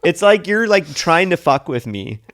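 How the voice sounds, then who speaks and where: A man's voice: on the high side, big pitch swings, normal speed, fairly bright tone. A man co-hosting a podcast, bantering with his wife in a joking, self-deprecating way. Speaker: podcast co-host. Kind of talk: casual podcast chat.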